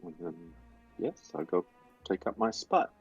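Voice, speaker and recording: A man's voice: on the low side, big pitch swings, measured pace, vocal fry, husky, highs cut off, faint music behind, full character voice. A man playing a hesitant young man at a party, who answers awkwardly.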